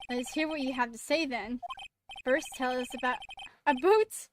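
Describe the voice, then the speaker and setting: A woman's voice: high voice, normal speed, close to an everyday voice. A woman reading the lines of a formal elderly male judge from a courtroom game, tripping over words at times. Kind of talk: reading game dialogue aloud. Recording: game music playing under the voice.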